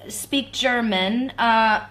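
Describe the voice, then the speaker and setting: A woman's voice: fairly high pitch, very slow, fairly bright tone. A woman singer chatting casually on a livestream, rambling with many "you know"s and laughs. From Iceland. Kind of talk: casual chat.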